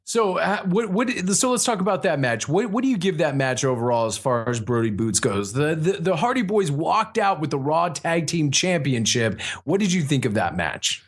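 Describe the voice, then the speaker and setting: A man's voice: fairly high pitch, very animated, normal speed, hardly any pauses. A man co-hosting a casual podcast, steering the segments with questions and dry jokes. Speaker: podcast co-host. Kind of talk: casual chat.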